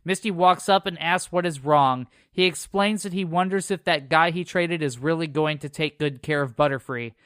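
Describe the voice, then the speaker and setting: Dry, clear-voiced man recapping with sarcasm. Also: a little high, moderate pace, few pauses, fairly bright tone, no room sound. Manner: sarcastic asides between summary reading. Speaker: podcast co-host recapping episodes. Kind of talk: casual podcast recap, reading a summary.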